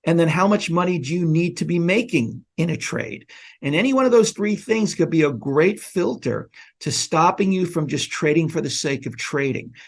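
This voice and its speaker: A man's voice: a little high, expressive, moderate pace. Earnest man explaining trading principles. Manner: earnest, instructive. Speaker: trading educator guest. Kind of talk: casual chat.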